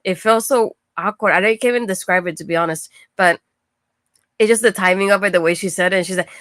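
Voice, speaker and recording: A woman hosting a casual wrestling recap, chatty and quick to laugh, with lots of fillers like "like". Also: lowish voice, steady tone, a bit bright, no echo, clean studio sound. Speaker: podcast host.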